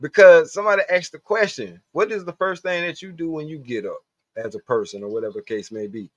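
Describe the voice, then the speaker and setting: A fast-talking streamer with a voice on the high side keeps up a casual, profane, rambling monologue aimed at his chat. The lo-fi stream audio sounds dull and dry, with no echo.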